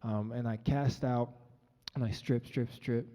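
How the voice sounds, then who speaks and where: A man's voice: medium pitch, fairly even intonation, a little slow, mellow. Earnest young man telling a story on stage. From Colorado. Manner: earnest, conversational, with frequent ums. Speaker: featured storyteller. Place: large event hall, on stage. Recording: dull, echoey live hall recording.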